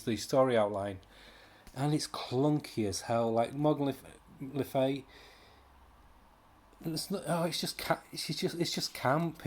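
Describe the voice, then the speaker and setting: A British man giving a casual, rambling comic book review, exasperated, with sighs and mocking impressions. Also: medium pitch.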